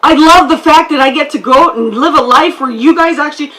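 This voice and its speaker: A woman's voice: high-pitched, fairly quick, fairly bright tone, rough recording. A woman from Canada giving a heartfelt, storytelling speech at an outdoor field ceremony. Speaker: guest speaker.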